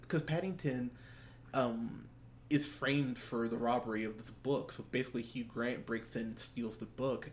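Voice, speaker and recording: A young man co-hosting a movie podcast, gushing in casual chat, swearing often and laughing. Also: medium pitch. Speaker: podcast co-host. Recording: faint background noise.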